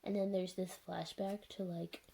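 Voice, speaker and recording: A young woman casually recapping a show episode with dry sarcasm and plenty of filler words. Her voice is mellow and a little husky, and her delivery is loose and chatty. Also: fairly low pitch, flat delivery, normal speed, low-quality recording. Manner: sarcastic, chatty, full of "like" and "anyways". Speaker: video reviewer.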